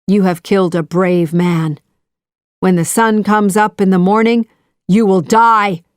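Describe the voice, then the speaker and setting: A woman's voice: medium pitch, slow pace, dry recording, studio quality, close to an everyday voice. A woman voicing a stern older male chief who gives commands, in a children's audiobook reading. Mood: angry. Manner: commanding, shouting orders.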